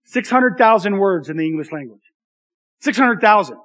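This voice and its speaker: A man's voice: high-pitched, animated, normal speed, a bit bright. A man in his thirties, a pastor giving a conversational, self-deprecating sermon with frequent asides to the congregation.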